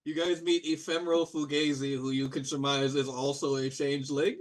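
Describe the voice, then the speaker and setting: Jokey New Jersey game master. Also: male voice, a little high, little pitch movement, brisk. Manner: jokey, laughing often. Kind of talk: running a tabletop game.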